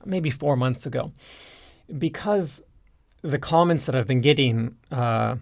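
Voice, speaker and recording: Gravelly-voiced man explaining casually. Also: mid-range voice, a little slow. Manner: relaxed, rambling, frequent fillers and restarts. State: stuffed up nose from hay fever. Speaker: YouTube language teacher. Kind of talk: casual explanatory talk to camera.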